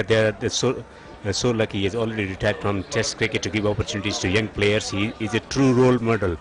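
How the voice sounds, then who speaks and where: A man giving earnest live cricket commentary, often repeating words as he restarts a phrase. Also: on the low side.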